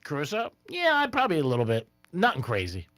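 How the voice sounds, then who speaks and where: Guy hosting sports radio, jokey and loose, pitch all over the place, dry close mic. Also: huge pitch swings, fast talker, fairly bright tone, no echo. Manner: joking, laughs often, talks about betting. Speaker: radio sports talk host. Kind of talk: casual sports radio banter. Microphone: studio microphone.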